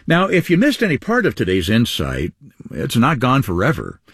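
Male co-host, husky lower voice, very animated delivery, dry close mic. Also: moderate pace, no room sound. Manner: lively, upbeat, with wide pitch swings. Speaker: radio program co-host. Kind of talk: radio ministry announcing.

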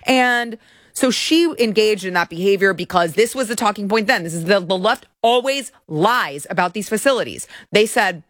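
A woman's voice: mid-range voice, lively intonation, moderate pace, dry recording, clean studio sound. A woman hosting a political commentary show, speaking in a sarcastic, indignant tone. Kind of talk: opinionated commentary.

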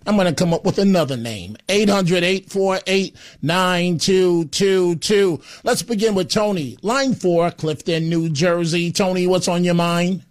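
A man's voice: high voice, a little slow, hardly any pauses. A man hosting a talk radio show, blunt and scornful as he takes calls.

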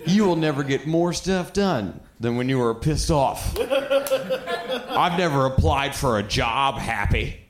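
A man's voice: a little high, sing-song, slow, noisy background. A male stand-up comedian on a club stage, ranting in a profane, riled-up way. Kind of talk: stand-up set. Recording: echoey club with crowd laughter.

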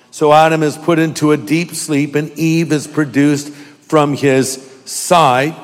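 A man's voice: fairly high pitch, long reverb tail. A male pastor giving a humorous, conversational sermon.

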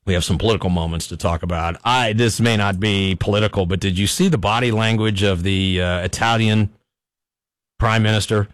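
A man's voice: lowish voice, fairly even intonation, fairly quick, no echo. Wry, rambling radio talk host, man. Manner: rambling, wry, chuckling at his own jokes. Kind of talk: casual talk radio commentary. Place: radio studio. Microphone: studio microphone.

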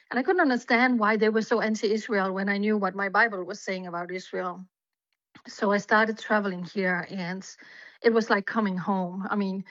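A woman's voice: medium pitch, a bit bright, no echo. A woman from Denmark telling her personal story as a guest on a radio interview, earnest and heartfelt. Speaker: guest journalist. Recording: dull lo-fi remote line.

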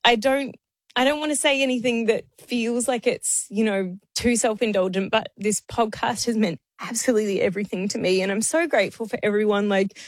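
A woman's voice: fairly high pitch, fairly even intonation, brisk, no room sound. Emotional woman, dry studio sound. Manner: emotional, laughing through tears. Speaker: departing podcast producer. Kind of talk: casual podcast chat.

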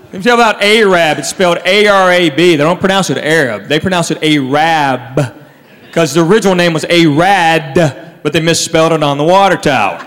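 A man telling stand-up stories, with wry, drawn-out punchlines. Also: on the high side, fairly bright tone, long reverb tail. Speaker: stand-up comedian. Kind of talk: stand-up storytelling. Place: comedy stage before a live audience. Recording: noisy live show with crowd laughter. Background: audience laughing.

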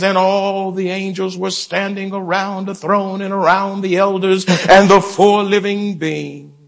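A pastor with a high, creaky voice preaches to his congregation in a church sanctuary. He calls out for responses and urges the people to join in.

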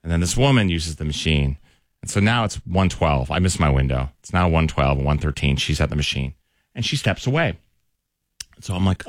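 A man's voice: on the low side, animated, quick pace, no room sound, clean studio sound. A man hosting a radio morning show, telling a rambling, self-deprecating story and acting out the quotes. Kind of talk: casual storytelling.

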